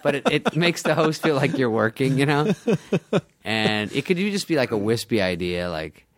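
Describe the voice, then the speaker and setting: A man's voice: medium pitch, very animated, normal speed, fairly bright tone. A man, a guest comedian, telling stories in a casual chat, laughing often and acting out the people he quotes.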